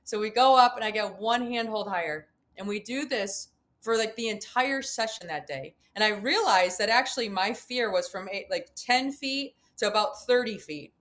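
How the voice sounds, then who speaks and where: A woman's voice: medium pitch, animated, moderate pace, a bit bright. A woman guest on a podcast interview, telling a personal climbing story and acting out her own reactions.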